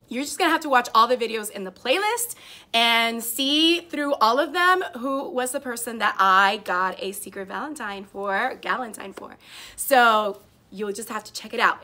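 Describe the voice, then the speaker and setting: A young woman teacher vlogger unboxing gifts in a casual chat, gushing and excitable, often saying "like". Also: fairly high pitch. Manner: gushing, excitable, says like a lot. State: tearful, emotional.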